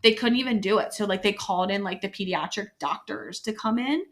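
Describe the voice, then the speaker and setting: A woman recounting her own experience in relaxed podcast conversation, full of "like" fillers and trailing restarts. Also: brisk. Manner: acts out quoted dialogue in a higher voice. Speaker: bereaved mother sharing her story. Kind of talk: casual conversational storytelling.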